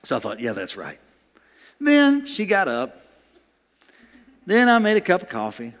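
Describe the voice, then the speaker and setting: A male pastor preaching a sermon, animated and laughing, acting out quoted voices. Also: high-pitched, moderate pace, long reverb tail.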